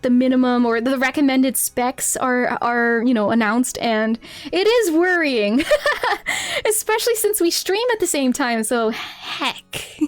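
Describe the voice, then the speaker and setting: A woman's voice: sits high, no echo. A woman streamer chatting casually with her viewers during a game, giggling constantly and reacting playfully. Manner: giggly, laughs constantly between lines.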